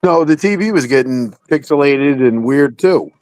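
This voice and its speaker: A man's voice: a little high, lively intonation, normal speed, a little mellow, no room sound, soft background music. A man making brief, easygoing replies in a casual live-stream chat. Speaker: guest, season ticket holder.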